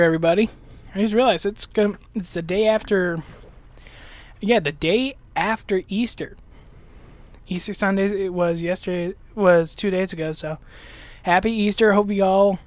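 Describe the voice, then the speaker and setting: Rambling gaming host with a slight lisp. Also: medium pitch. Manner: rambling, hesitant talk with many restarts. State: dry mouth. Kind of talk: casual gameplay commentary.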